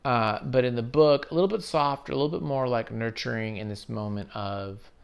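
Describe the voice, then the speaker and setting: A man's voice: medium pitch, brisk, vocal fry, smooth. A man hosting his own channel, rambling casually and swearing lightly as he talks through a story late at night. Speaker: video essay host.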